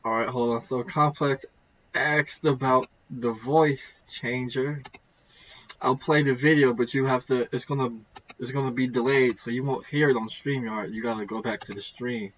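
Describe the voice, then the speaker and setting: A man's voice: medium pitch, steady tone, moderate pace, fairly bright tone. A man hosting a live stream, explaining things in a casual way with hesitant restarts. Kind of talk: casual chat. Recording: dull lo-fi audio with faint noise.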